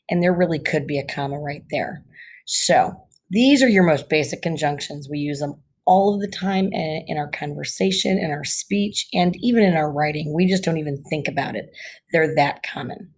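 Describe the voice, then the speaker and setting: This is a woman teaching a recorded grammar lesson. Her voice sits low and has a breathy, husky edge. She explains step by step and reads example sentences aloud at an unhurried pace.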